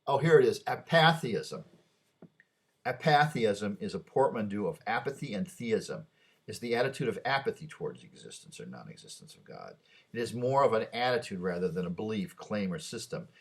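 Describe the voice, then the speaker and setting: A man talking to himself in a late-night rambling monologue, musing aloud, stumbling over restarts and trailing off. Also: fairly low pitch. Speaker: vlogger.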